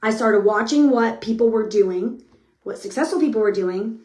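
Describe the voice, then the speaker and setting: Upbeat high-voiced woman giving a pep talk. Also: normal speed, a little mellow, reverberant. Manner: frank, upbeat, says "okay?" often. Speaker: motivational speaker. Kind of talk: motivational talk to a sales team.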